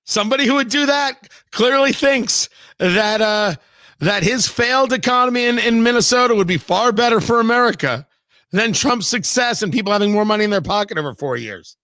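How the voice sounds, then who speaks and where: A man's voice: high-pitched, animated, brisk, sharp tone, no echo, clean studio sound. A man hosting a radio talk show, delivering a sarcastic, mocking opinion monologue with emphatic asides. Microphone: studio microphone, live-streamed show.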